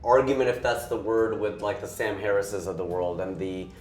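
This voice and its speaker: A man's voice: lowish voice, flat delivery, normal speed, darkish tone, reverberant, soft background music. A man hosting an interview, chatty and jokey, rambling through questions and stories. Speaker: host, comedian. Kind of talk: casual interview chat.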